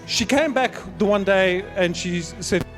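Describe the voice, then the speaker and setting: Father of the bride, middle-aged, a bit high, sentimental storyteller, stumbling warmly through his speech. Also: faint music behind. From South Africa. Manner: sentimental, storytelling with halting restarts. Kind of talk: wedding speech. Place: wedding reception.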